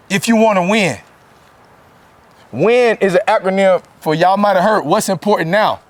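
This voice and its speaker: A man's voice: sits high, no echo. A man in his forties from Florida, giving an emphatic motivational speech to a football team, mixing rhymes and street slang. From Florida, USA. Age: 40s.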